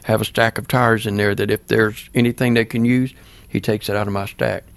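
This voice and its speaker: Gravelly older man telling his story. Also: lowish voice, flat delivery, a little fast, no echo. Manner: plain-spoken, earnest, acts out remembered dialogue. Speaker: pastor. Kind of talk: personal storytelling in an interview.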